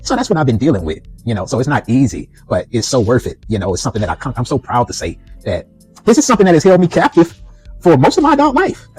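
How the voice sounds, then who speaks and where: A man's voice: medium pitch, wildly swooping pitch, fast, darkish tone, soft background music, low-quality recording. A middle-aged man speaking in a conversational monologue about his own life, often adding "you know" and "right". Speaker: vlogger. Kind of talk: personal reflective monologue.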